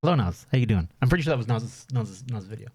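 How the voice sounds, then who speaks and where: A man's voice: fairly low pitch, expressive, fast talker, a little mellow. A young Irish man streaming, chatting casually and rambling with a self-mocking laugh. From Ireland. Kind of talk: casual stream chat reacting to videos.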